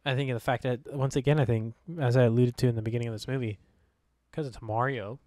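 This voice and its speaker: A man's voice: medium pitch, fairly even intonation, fast talker, a little mellow, dry recording, studio quality. A man co-hosting a movie review podcast, talking casually and a bit hesitantly. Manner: hesitant, lots of fillers and restarts. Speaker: podcast co-host.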